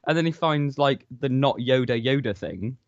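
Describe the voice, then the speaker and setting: A man's voice: medium pitch, expressive, moderate pace, dry recording. Sardonic man on a dull lo-fi mic. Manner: sardonic, swears often, acts out quotes. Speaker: podcast co-host. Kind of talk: casual chat.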